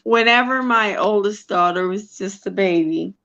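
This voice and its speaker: A woman from Missouri chatting casually, telling long, unhurried stories. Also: medium pitch, a bit bright, dull audio. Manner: slow, drawn-out storytelling. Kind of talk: casual live chat.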